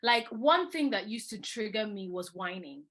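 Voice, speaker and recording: Bright candid woman telling a story. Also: medium pitch, moderate pace. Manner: candid, animated, imitates a child's whining. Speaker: educator. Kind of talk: reflective storytelling.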